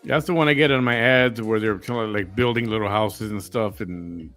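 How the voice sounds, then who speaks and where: A man's voice: lowish voice, moderate pace, a bit bright, soft background music. A man hosting a late-night casual chat, easygoing, laughing often and greeting viewers by name. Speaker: host.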